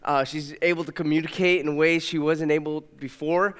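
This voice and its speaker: Pastor guy in his 30s preaching, smooth clear voice, kinda high for a man, long church echo. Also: steady tone, moderate pace. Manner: warm storytelling, puts on a high toddler voice for his daughter. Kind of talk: sermon. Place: church sanctuary. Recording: long reverb of a church hall.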